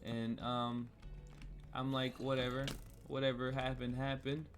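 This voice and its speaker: Faint cello music plays as a young man from the United States games and tells a swear-filled, rambling, heated story for his vlog. He speaks in a mid-range voice with a flat, unhurried delivery.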